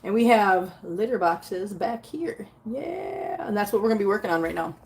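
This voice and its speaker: A woman's voice: medium pitch, lively intonation, moderate pace, a little mellow. A woman chatting casually with her live viewers while cleaning litter boxes at home, laughing often and talking to her cats. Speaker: cat vlogger reading live chat. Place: home with many cats, litter box area. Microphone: phone set up nearby. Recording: echoey room.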